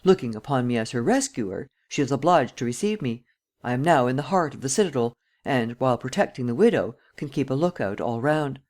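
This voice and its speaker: A woman reads a male master criminal in an audiobook, low and unhurried. He speaks with calm, deliberate self-assurance and never raises his voice. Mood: scheming. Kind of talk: audiobook character reading.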